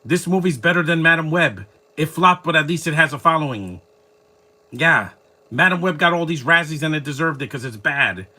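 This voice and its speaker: Man, casual movie commentary, opinionated, rambling, bright tone. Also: on the high side, animated, normal speed. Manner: opinionated, rambling, frequent restarts. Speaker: film commentary host.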